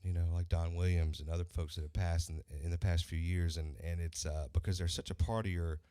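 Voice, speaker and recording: Deep, low-pitched male country singer, lively storyteller, close dry studio sound. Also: a little fast, smooth, no echo. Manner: animated storyteller acting out quoted voices. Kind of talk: casual interview storytelling.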